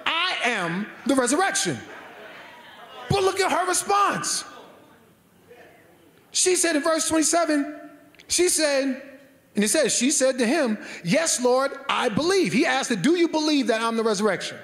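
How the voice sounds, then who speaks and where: A man's voice: extremely high pitch, animated, normal speed, long pauses, a bit bright. A man, a church elder, preaching a sermon in a fervent, emphatic way, driving points home with repetition.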